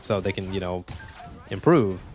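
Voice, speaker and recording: A man's voice: low-pitched, normal speed, a little mellow, soft background music. A young man streaming a video game, chatting in a laid-back way with frequent swearing. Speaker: gaming streamer. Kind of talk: casual chat while streaming gameplay.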